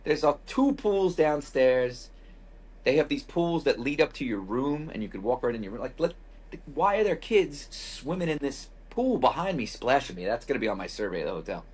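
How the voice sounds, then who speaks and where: Husky and a little mellow at medium pitch, this podcast host spins a profane, rambling travel story with a wry, casual tone and many quoted asides. His delivery is very animated and moderately paced.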